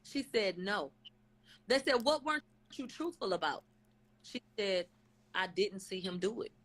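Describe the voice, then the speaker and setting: A woman talking into her webcam on a live stream, recapping testimony in a loose, chatty way. She strings together "they said" and "she said" with fillers like "um", dropping in blunt side comments. Her voice sits at a middle pitch for a woman. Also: unhurried, fairly bright tone, rough recording. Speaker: channel host recapping a court hearing. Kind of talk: casual live-stream retelling. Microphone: webcam or phone on a live stream.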